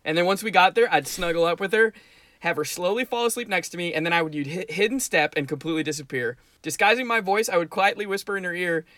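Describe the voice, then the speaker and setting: A man's voice: sits high, expressive, fast, bright, forceful tone, no room sound. A man co-hosting a podcast, chatting playfully about tabletop game scenarios and laughing often. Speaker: podcast co-host.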